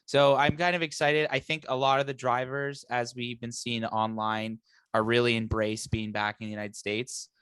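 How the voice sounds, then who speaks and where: A man's voice: mid-range voice, little pitch movement, moderate pace, fairly bright tone, clean tone, no room sound, studio quality. A man hosting a casual motorsport podcast, upbeat and chatty with his co-hosts. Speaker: podcast host.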